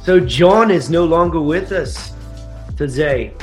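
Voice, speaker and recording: An easygoing podcast host who talks slowly in a slightly high voice. He reacts eagerly to his co-hosts, with faint music in the background. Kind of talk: casual chat.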